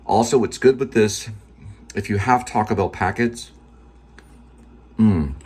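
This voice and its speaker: A man's voice: fairly low pitch, measured pace, darkish tone, breathy edge. A man hosting a casual cooking and pet vlog at home, rambling in an easygoing way with many filler words while he eats. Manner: talks while eating. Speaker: vlog host.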